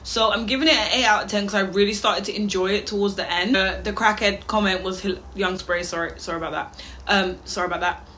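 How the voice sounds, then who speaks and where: A woman with a Birmingham accent hosting a reaction video, chatting casually with excitable outbursts and swearing. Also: medium pitch, fast, slight background noise.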